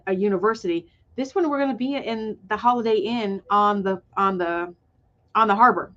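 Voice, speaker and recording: A woman's voice: medium pitch, fairly bright tone. Enthusiastic woman on a lo-fi call. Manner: enthusiastic, rambling with fillers. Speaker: guest, retreat organizer. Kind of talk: webinar conversation.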